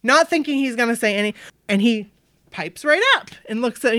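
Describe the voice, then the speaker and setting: Brisk and slightly high-pitched, this Maine woman from the USA is telling a story in relaxed chat. She performs other people's lines with lively animation and scatters "like" all through her speech.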